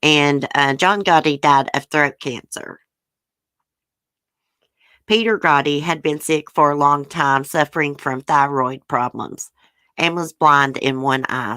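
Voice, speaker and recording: This woman's voice is low, smooth, pushed, and bright, with no echo. She hosts a livestream, chatting casually as she goes through the news and viewer comments. Her take is frank and opinionated.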